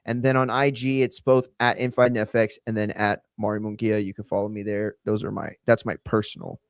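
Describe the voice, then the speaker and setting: A man hosting a live stream, chatting loosely and giving offhand shout-outs to viewers. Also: fairly low pitch, little pitch movement, a little fast, clear, resonant tone, dry recording. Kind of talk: casual live-stream chat.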